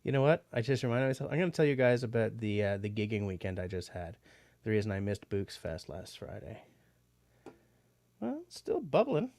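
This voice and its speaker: A man with a fairly low voice chats through a relaxed livestream, rambling and filling pauses with ums. The sound is dry and close, with hardly any room around him. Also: no room sound. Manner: rambling and chatty with many fillers. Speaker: livestream host. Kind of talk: casual livestream chat.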